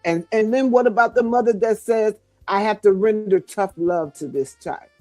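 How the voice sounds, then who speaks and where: A woman's voice: medium pitch, normal speed, darkish tone, no room sound, faint music behind. An older woman guest speaking with fervent, sermon-like cadence, encouraging mothers. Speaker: guest co-author. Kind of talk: preaching-style encouragement.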